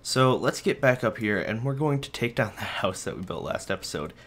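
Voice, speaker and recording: A young man records casual gameplay commentary from his bedroom. His voice sits a little low, and he rambles easily, teasing himself and chatting straight to his viewers. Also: animated, a little fast, a bit bright. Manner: rambling, self-mocking, talks to viewers and his dog. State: a bit out of breath. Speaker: gaming video host. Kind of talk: casual let's-play commentary. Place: bedroom at home.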